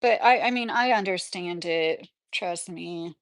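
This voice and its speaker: A woman's voice: lowish voice, measured pace, dry recording, clean studio sound. A woman from New Jersey hosting a livestream, chatting casually and reading viewer comments, rambling and laughing often. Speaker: livestream host.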